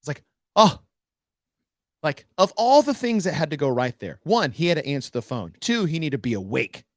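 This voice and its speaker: Man telling a lively travel story. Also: fairly high pitch, normal speed, dry recording, clean studio sound. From United States. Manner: animated storyteller acting out dialogue. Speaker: podcast co-host. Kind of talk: casual storytelling chat.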